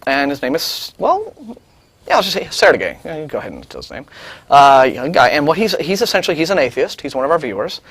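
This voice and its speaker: Animated, indignant man co-hosting a show. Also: on the high side, quick pace, husky, no room sound. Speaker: co-host. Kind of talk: studio talk show discussion. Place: TV studio.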